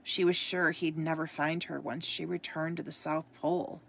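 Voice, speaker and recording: Gravelly, low-voiced woman reading a story. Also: moderate pace, slight background noise. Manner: expressive read-aloud, occasional stumbles. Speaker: storybook reader. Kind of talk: reading a ghost story aloud.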